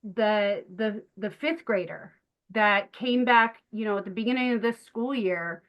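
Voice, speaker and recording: A middle-aged woman, a nature educator, telling stories in an interview in an earnest, animated way with many fillers and restarts. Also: medium pitch, unhurried, dull audio. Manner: animated, acts out the voices of children and teachers. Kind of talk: storytelling in a conversational interview.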